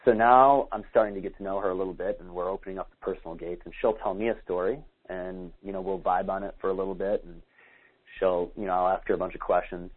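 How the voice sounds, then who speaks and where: With a deep, slightly rough voice and a steady tone, a dating coach talks fast in a podcast conversation. He's casual, saying "like" often, and acts out sample dialogues, heard through narrow, tinny audio.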